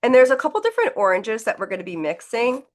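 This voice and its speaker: A woman's voice: fairly high pitch, very animated, fast talker. A woman leading a live online painting class, talking through each step in a chatty, encouraging way as she demonstrates. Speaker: painting instructor.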